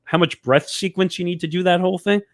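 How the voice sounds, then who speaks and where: A man's voice: high-pitched, steady tone, fast talker, no echo, clean studio sound. A man hosting a casual show chat, steering topics with joking asides. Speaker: host.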